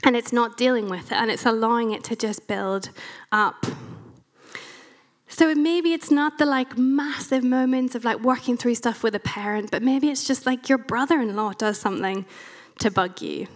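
A young Irish woman preaches to her church in a relaxed, conversational way, full of little asides and filler words. Her voice sits fairly high and her delivery stays chatty rather than formal. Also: normal speed. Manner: conversational, animated, self-deprecating asides. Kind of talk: church talk.

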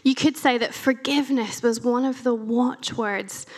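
A woman's voice: a little high, steady tone, measured pace. Woman preaching a conversational sermon. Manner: conversational, wry asides, reads scripture aloud.

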